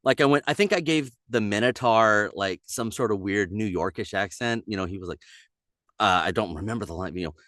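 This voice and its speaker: A man who voices characters, chatting casually on a podcast, animated and slipping into quick character bits. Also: on the low side, no room sound, studio quality. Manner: animated, slips into character voices mid-story. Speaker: voice actor guest.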